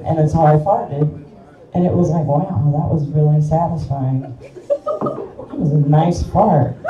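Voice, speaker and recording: A woman's voice: fairly low pitch, warm tone, distant mic. A middle-aged woman with a Kansas accent doing a crude, self-mocking live stand-up set in a small bar. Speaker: stand-up comedian. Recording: echoey room picked up from afar.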